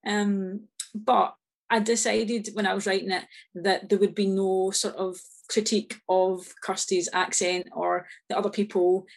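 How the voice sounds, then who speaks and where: A woman with a Scottish accent, an author chatting as a podcast guest, talking in quick restarts and repeated words. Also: mid-range voice, flat delivery, vocal fry. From Scotland. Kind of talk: casual interview chat.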